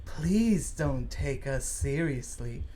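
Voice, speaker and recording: A woman reading a deadpan scripted warning at the start of a podcast. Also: extremely low pitch, takes it slowly, a little hiss or hum. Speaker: disclaimer announcer.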